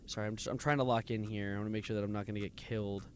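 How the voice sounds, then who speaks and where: A man's voice: on the low side, fairly even intonation, rapid-fire, slight background noise. A man streaming a game live, nervously muttering coordinates, reading chat and breaking into sudden exclamations. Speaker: livestreamer playing a game.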